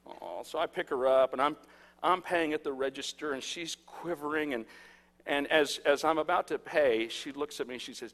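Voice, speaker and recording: Male pastor, thirties, sermon delivery, slightly high and sharp tone, long hall reverb. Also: normal speed. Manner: storytelling with lively swings from hushed to loud. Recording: echoey hall.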